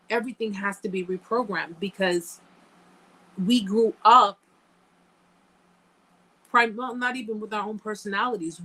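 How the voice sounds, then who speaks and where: A woman hosts a live-stream chat and talks to her viewers in an earnest, emphatic way. Her voice sits at an average pitch for a woman. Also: sharp tone, low-quality recording. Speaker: host answering live chat.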